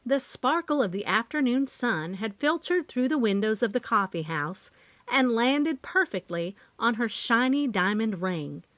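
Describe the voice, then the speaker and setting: A woman reading a first-person audiobook, measured and expressive. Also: a little high, dry recording. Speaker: audiobook narrator. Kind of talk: scripted first-person narration.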